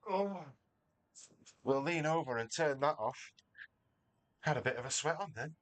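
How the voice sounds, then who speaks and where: A man's voice: on the high side, lively intonation, unhurried, a bit bright. A middle-aged man from northern England with a Manchester accent, chatting casually and self-deprecatingly with his viewers from his garage. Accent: Mancunian. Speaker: livestreamer. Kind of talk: casual chat while racing. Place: home garage.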